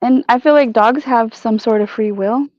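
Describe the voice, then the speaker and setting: A woman in casual livestream chat, curious and quick, asking questions. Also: a little high, a little mellow, no room sound, dull audio.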